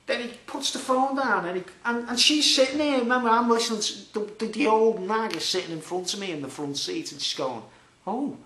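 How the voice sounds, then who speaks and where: A Scouse man rambles through a long personal story. He is chatty and animated and keeps checking in with his listeners, and his slightly high voice rings around an echoey room. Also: a little fast, few pauses. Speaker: vlogger.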